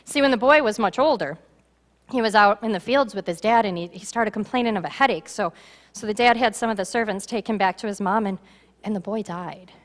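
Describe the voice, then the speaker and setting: A woman pastor preaching a sermon in a church, animated and acting out the voices of a story. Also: mid-range voice, fairly quick. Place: church sanctuary. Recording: reverberant church hall.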